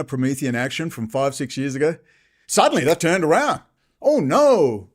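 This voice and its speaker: A man's voice: fairly high pitch, sing-song, a little fast. An Australian man hosting his own channel, ranting angrily in a profane monologue and mocking others in sarcastic put-on voices. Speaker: channel host.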